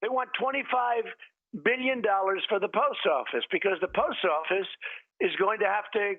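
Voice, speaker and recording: A man's voice: sits high, moderate pace, narrow, tinny audio. A man in a phone interview played from a broadcast, rambling and repetitive in a dismissive way. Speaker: interviewee, politician.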